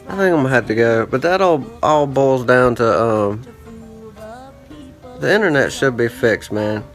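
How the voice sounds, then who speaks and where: A man's voice: medium pitch, unhurried, faint music behind. A man telling a rambling, profane story in a casual vlog monologue, with lots of "I'm like" and asides. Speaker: vlogger.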